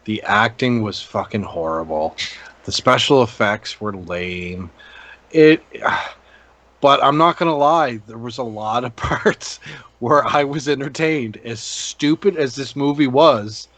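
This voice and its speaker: A man's voice: mid-range voice, slow pace, fairly bright tone, no room sound. Rambling man in a dry podcast chat. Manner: rambling, many ums and restarts. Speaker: podcast co-host. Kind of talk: casual movie review chat.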